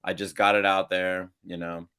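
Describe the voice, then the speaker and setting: A man's voice: low-pitched, level tone, normal speed, over a noisy crowd. A man co-hosting a podcast in casual chat, telling stories in a rambling, self-amused way. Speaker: podcast co-host.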